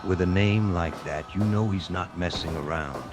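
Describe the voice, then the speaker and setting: Very deep-voiced cheesy male co-commentator. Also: normal speed. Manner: cheesy, upbeat, folksy stock phrases. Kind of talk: wrestling color commentary. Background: music.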